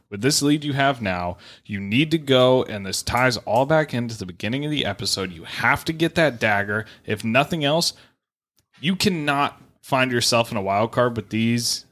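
A man talks baseball on a casual podcast in a middle-pitched voice. He is emphatic and hammers his points home, swearing for stress. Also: a bit bright. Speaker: podcast co-host. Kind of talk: casual sports talk.

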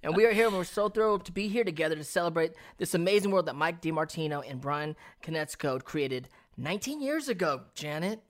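A man's voice: fairly high pitch, lively intonation, fairly quick, few pauses. A man co-hosting a podcast, enthusiastic in casual chat and acting out the people in his stories. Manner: enthusiastic, acts out quotes in anecdotes. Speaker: podcast co-host.

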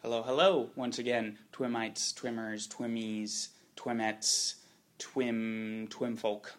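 Slow-talking man reading podcast news. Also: medium pitch, level tone.

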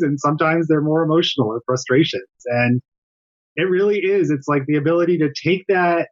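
A man's voice: fairly high pitch, muffled recording. A middle-aged man, a developmental psychologist, explaining his work earnestly as a guest in a remote interview from home. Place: home during lockdown.

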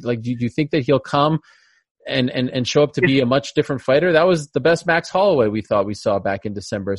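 A man's voice: medium pitch, no echo, clean studio sound. A man interviewing a guest, asking earnest, probing questions and correcting himself along the way.

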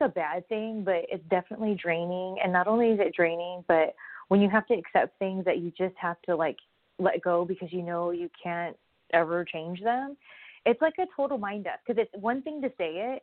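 A woman's voice: on the low side, no room sound. A woman talks straight to her viewers in a loose, rambling vlog, drifting off track and circling back. Her voice sounds thin and phone-like, with a dry, close sound and no room around it. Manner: rambling, candid, loses her train of thought. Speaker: vlogger. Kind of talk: casual personal vlog talk.

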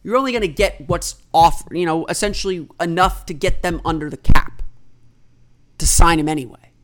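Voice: mid-range voice, normal speed. A basketball analyst giving solo sports commentary, explaining trade rules in an explanatory, think-aloud way and stating opinions firmly.

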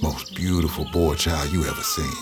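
A man's voice: extremely low pitch, fairly even intonation, moderate pace, loud music behind the voice. A man with a Southern US accent playing a freed father who narrates his family's story in a reflective audio drama voice.

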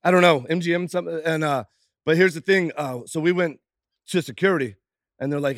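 A man guesting on a podcast, talking loud and excitable in a casual chat, swearing a lot. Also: on the high side, a little fast, no room sound, studio quality.

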